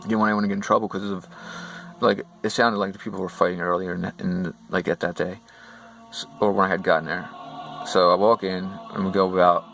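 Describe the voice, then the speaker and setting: A man's voice: sits low, level tone, fast, vocal fry, fairly bright tone, poor audio. A man casually retelling a dream, rambling with many fillers and speaking straight to his viewers. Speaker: storyteller. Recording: music playing behind.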